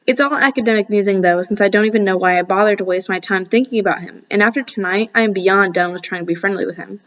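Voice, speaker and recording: Woman, audiobook reader, casual first-person narration, mid-pitched, dull lo-fi sound. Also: fast talker, a bit bright. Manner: casual, breaks off for asides.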